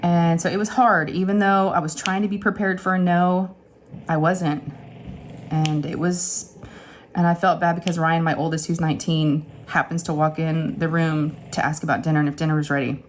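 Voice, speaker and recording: A woman in her forties speaks in a low, deeper register and retells a personal story in a loose, candid, emotional way. She talks from her home craft room as a craft channel host. There is a faint hiss of room noise behind her. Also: flat delivery, moderate pace.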